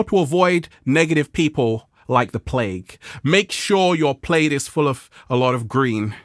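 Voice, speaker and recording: A man's voice: measured pace, hardly any pauses, no echo, clean studio sound. A man hosting a motivational vlog, speaking playfully and animatedly to his viewers with frequent laughs. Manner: playful and animated, laughing, acting out quoted people in a high voice. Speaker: vlog host.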